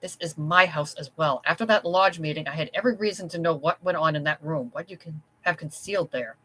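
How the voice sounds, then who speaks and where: Reader doing a timid, scared wife, bright and pleading, storybook. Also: mid-range voice, fairly quick, slight background noise, lightly acted, poor audio. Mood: desperate. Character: frightened gentle small wife.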